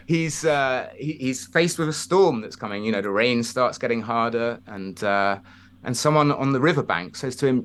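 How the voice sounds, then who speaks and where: A man's voice: medium pitch, moderate pace. A man talking as a guest in a casual conversation, telling stories and acting out the voices in them. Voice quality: animated storyteller, acts out quoted voices.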